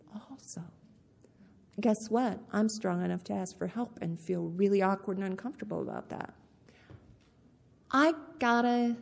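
A woman tells her own story at an unhurried pace, plain and candid, and she repeats her key points for weight. Her mid-pitched voice carries a long reverb from a big meeting hall. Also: creaky, a little mellow. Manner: candid, repeats key phrases, slow deliberate delivery. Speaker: speaker sharing her recovery story. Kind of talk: personal testimony talk.

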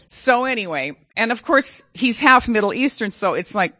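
A woman's voice: fairly low pitch, animated, normal speed, vocal fry, sharp tone, no echo. A middle-aged woman telling a personal story in a dramatic, self-mocking way.

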